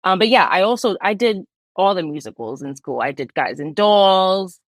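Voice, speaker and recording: A woman's voice: medium pitch, expressive, moderate pace, dry recording. A young woman with a Bronx New York accent, chatting as a podcast guest and laughing often. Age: young adult. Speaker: guest, Broadway performer. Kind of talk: casual interview chat.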